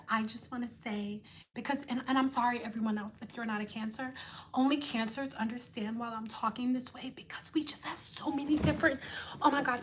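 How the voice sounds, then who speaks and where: A high, bright-voiced woman, chatting on a livestream. She slips in and out of sing-song phrasing, then drops to soft murmurs as she reads out comments. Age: 30s. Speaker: livestream host. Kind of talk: casual livestream chat reading comments.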